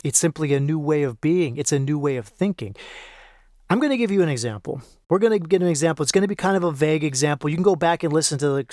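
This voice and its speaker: A man talks through a lesson on his own podcast, calm and reflective, and keeps coming back to the same phrases to drive a point home. His voice sits a little high for a man. The sound is dry and close, with no room around it. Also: no echo. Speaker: podcast host. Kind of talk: solo teaching talk.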